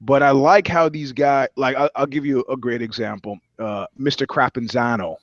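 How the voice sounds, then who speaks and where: A man's voice: medium pitch, fairly even intonation, normal speed, no room sound. Man, podcast co-host, rambling casual talk, slightly muffled lo-fi sound. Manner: rambling, restarts a lot, swears casually. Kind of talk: casual chat.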